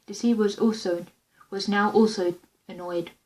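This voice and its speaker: A woman's voice: mid-range voice, fairly even intonation, a little slow, darkish tone, poor audio. A woman reading her own fan story script aloud in a plain, unpolished way, with small slips and restarts.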